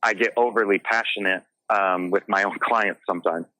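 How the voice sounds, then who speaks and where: A man's voice: lowish voice, steady tone, normal speed, sharp tone, no echo, rough recording. A man speaking as a guest on an interview show, telling stories earnestly and passionately in a casual way. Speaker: guest, realtor.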